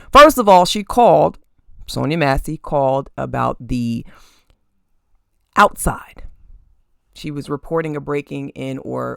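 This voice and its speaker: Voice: mid-range voice, gravelly, fairly bright tone, dry recording, studio quality. A podcast host giving blunt, casual opinion commentary to camera from a room at home, cursing freely and asking "okay?". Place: room at home with crystals and statues on display. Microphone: camera facing the host.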